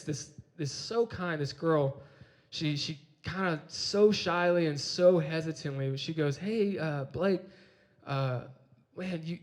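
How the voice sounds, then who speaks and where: A man's voice: high voice, fairly bright tone. A young adult man giving a youth sermon, telling a personal story with energy and often repeating his words. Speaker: campus ministry speaker.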